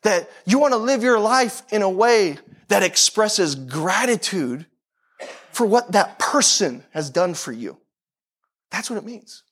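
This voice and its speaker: A middle-aged man with a high-set voice preaches a sermon. He talks with intensity and emphasis, piling up rhetorical questions and repeating his points to drive them home. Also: expressive, unhurried, a bit bright, slightly rough. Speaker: pastor.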